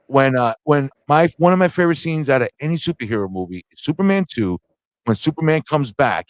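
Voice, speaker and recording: A man co-hosting a casual movie review chat, excitable and laughing, acting out scenes as he talks. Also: mid-range voice, fast, no room sound. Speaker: podcast co-host.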